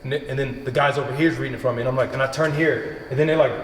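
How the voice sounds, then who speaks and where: A man hosting a podcast, telling stories in a casual, animated way, acting out quotes and swearing freely. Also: mid-range voice, rapid-fire, slight background noise. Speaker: podcast host. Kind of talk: casual chat. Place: home gym. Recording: echoey room with long reverb.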